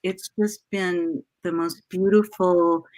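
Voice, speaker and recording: A woman's voice: lowish voice, steady tone, slow, darkish tone. A woman talks over a video call, her voice gushing and emotional. She rambles from one thought to the next in a loose, casual way. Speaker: letter writer for the show and actress.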